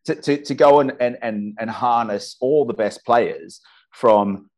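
An Australian man with a mid-range, slightly mellow voice speaks at an unhurried pace. He's a football commentator on a casual podcast, talking with enthusiasm and frequently restarting his sentences.

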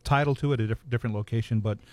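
Measured man telling ghost stories. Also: medium pitch, darkish tone, dry recording. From Hawaii. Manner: measured, matter-of-fact storyteller. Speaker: ghost storyteller guest. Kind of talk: casual ghost storytelling.

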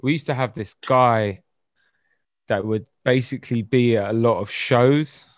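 A man's voice: medium pitch, measured pace, very noisy. A man chatting casually about films with friends on a podcast, laid-back and swearing freely. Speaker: podcast co-host. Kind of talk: casual film chat.

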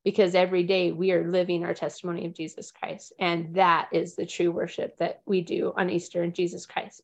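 A woman's voice: fairly low pitch, fairly even intonation, moderate pace, highs cut off. A woman, sharing earnestly and emotionally with a group, close to tears. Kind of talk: heartfelt personal sharing.

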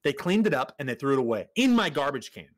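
A young podcast co-host tells a story in casual chat, speaking quickly at a medium pitch. He's animated, swears often, and acts out what the people in the story said.

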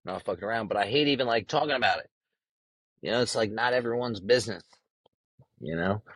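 A man's voice: lowish voice, brisk, a bit bright, slightly rough, dry recording, rough recording. A young man hosting a casual solo podcast, talking in a brash, profane and rambling way. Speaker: podcast host.

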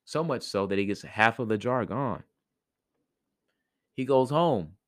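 A man's voice: mid-range voice, lively intonation, measured pace, a bit bright, no room sound, clean studio sound. A man casually retelling a fairy tale for a podcast, rambling and slangy with many fillers. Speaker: podcast storyteller.

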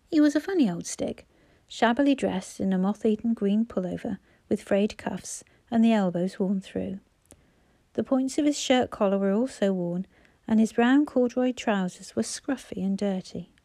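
A woman narrating an audiobook in a soft, even storytelling voice on a close mic. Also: medium pitch, creaky.

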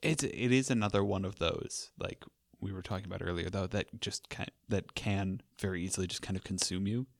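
A man's voice: sits low, a little fast, gravelly, hardly any pauses, no echo, clean studio sound. A young man hosting a podcast, talking casually in a rambling, wry way with lots of fillers. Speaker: podcast host. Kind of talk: casual conversational chat.

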